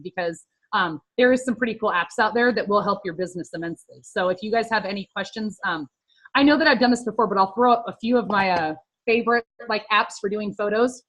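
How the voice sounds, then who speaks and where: A woman's voice: medium pitch, a bit bright, rough recording. A woman in her thirties, a fitness coach, talking casually and upbeat about social media tips, with lots of fillers.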